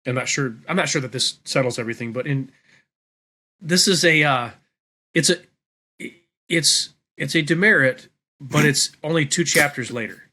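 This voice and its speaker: A man's voice: a little high, normal speed, pauses often, bright, forceful tone. A man in a casual Bible study discussion who reads scripture aloud and then explains it plainly. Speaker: podcast co-host.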